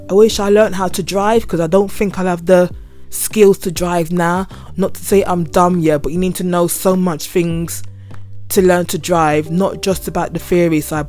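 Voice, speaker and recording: A young woman with a London accent, hosting her podcast as a casual solo rant full of slang. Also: lowish voice. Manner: chatty, slangy, animated. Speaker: podcast host.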